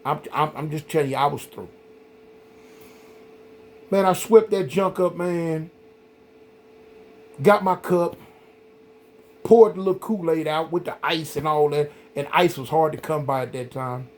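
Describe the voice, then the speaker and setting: High-voiced middle-aged man telling a story. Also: unhurried, long pauses. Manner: rambling and animated, full of "man" and "y'all". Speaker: vlog host. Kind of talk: casual storytelling to camera.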